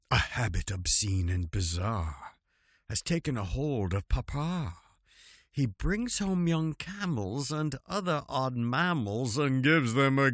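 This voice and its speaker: A man reads comic verse aloud at a slow, deliberate pace, his pitch swinging widely as he savors each line. Between verses he drops into wry, chuckling asides. The sound is dry and close, recorded at home. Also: bright, forceful tone, dry recording. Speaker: reader. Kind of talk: reading limericks aloud with asides. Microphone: home recording setup.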